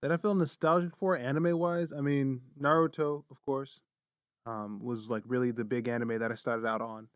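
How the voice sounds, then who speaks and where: A man's voice: medium pitch, level tone, normal speed, clear, resonant tone, dry recording. Dry, teasing young man. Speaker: podcast co-host. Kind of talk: casual chat.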